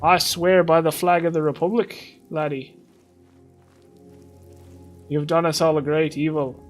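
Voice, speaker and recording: A man voicing a gruff older male Irish thief boss, scolding in a put-on Irish accent. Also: fairly high pitch, flat delivery, unhurried, soft background music, lightly acted. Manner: scolding, repeating laddie.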